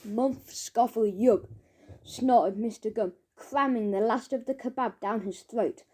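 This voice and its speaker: A woman narrating a children's audiobook, chanting its rhymes with lively rhythm. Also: on the high side, unhurried.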